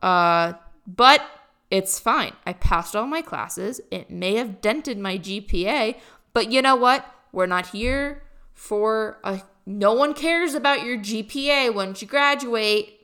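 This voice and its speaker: A young adult woman, a college student vlogger, chats casually to camera, rambling and poking fun at herself with plenty of fillers. Her voice is a little high and slow, bright and forceful, with a clear, resonant tone.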